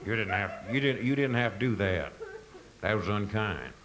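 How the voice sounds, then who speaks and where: A man's voice: on the low side, expressive, moderate pace. A man from the northern United States doing a stand-up routine with a rambling, stop-start delivery before a live audience. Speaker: stand-up comedian. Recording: live audience crowd noise.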